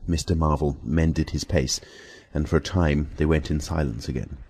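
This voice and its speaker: A man reads an audiobook in a measured, unhurried way. His voice is very deep, dark and mellow, with a husky grain to it. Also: fairly even intonation. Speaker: audiobook narrator. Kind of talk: scripted narration.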